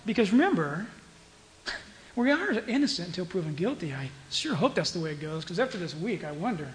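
A man delivers a sermon as a storytelling pastor, his voice sitting high for a man. He drops to hushed asides, then rises to loud, emphatic bursts. A faint hum of room noise runs underneath. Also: very animated, brisk, low-quality recording.

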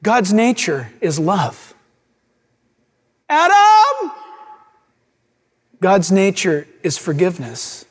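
Man preaching a sermon, really high voice that swings all over, acts out the voices, big echoey hall. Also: animated, a little slow, hardly any pauses, husky. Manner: dramatic, acts out voices of scripture figures.

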